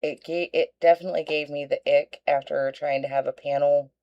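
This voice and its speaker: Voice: mid-range voice, steady tone, brisk, warm tone, no echo. Blunt commentator, dull lo-fi sound. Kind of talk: reaction commentary.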